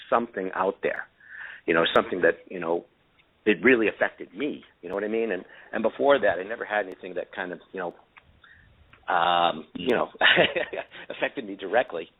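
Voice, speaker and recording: A man calling in as a guest, telling a story in a rambling way with many fillers and restarts. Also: deep voice. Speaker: guest inventor of camera glasses. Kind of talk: casual storytelling on a call-in show. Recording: tinny phone line.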